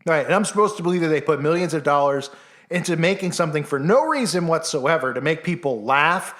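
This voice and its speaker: Scornful, ranting man with a higher voice. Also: animated, fairly quick, fairly bright tone. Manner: scornful, sarcastic, heated rhetorical questions. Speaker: channel host. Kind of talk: ranting commentary vlog.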